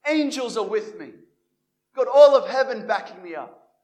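A man's voice: very high-pitched, moderate pace. A young man, telling a personal faith testimony and acting out the dialogue he quotes. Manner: animated, acts out the dialogue he quotes. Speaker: Christian evangelist.

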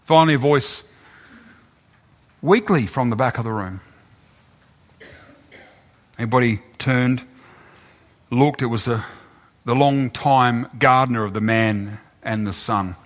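A man preaching, telling a story in a halting way, often repeating his words. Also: mid-range voice. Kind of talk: sermon storytelling.

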